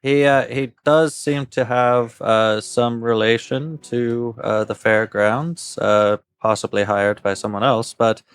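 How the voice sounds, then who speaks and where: A man playing a tabletop roleplaying game, speaking hesitantly with many pauses and filler sounds. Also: mid-range voice, fairly even intonation, smooth, no echo. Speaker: tabletop player. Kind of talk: in-character roleplay chat.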